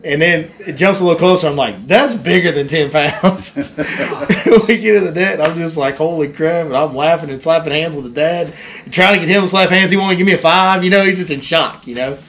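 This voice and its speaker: A fishing guide telling a story in casual chat, animated and acting out the people in it. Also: male voice, fairly high pitch, brisk.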